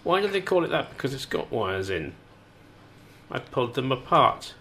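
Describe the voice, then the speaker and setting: Jasny głos radiowego prowadzącego. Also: male voice, mid-range voice, sing-song, normal speed, a bit bright, slight background noise. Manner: playful, rambling, hesitant with fillers. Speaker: radio co-host. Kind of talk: casual on-air chat.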